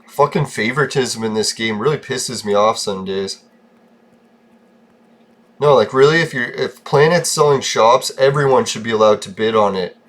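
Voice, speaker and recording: A man's voice: mid-range voice, normal speed, fairly bright tone. A man giving casual gameplay commentary, ranting and swearing often, in a short-tempered, irritable way. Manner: profane, ranting, easily irritated. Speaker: gaming vlogger.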